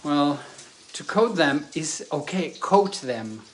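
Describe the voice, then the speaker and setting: Man, native Spanish speaker, lingering cough, halting English, faint kitchen sizzle behind. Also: a little high, animated, slight background noise. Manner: halting, searching for English words. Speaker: cooking video co-host. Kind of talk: casual cooking chat. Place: home kitchen.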